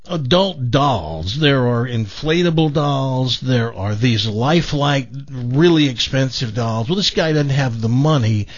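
Animated joke-telling radio host, man. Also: mid-range voice, measured pace, few pauses. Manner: animated joke-telling, voicing characters in quotes. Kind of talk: telling jokes on talk radio. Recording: dull lo-fi radio broadcast.

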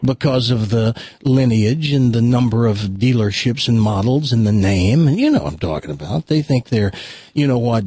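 A man hosts a radio show in loose, joking back-and-forth with his guests. His voice has a husky edge and swings up and down in pitch, recorded close and dry. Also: no echo. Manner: lively, joking, talks in asides. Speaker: radio host. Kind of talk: casual radio banter.

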